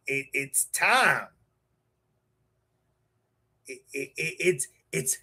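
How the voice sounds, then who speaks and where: A man hosting a live stream in a bright, forceful voice, so hyped he stumbles over his words and repeats himself. He takes his time between bursts and talks slowly overall. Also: fairly high pitch. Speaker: host of a live show. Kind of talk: excited live-stream chat.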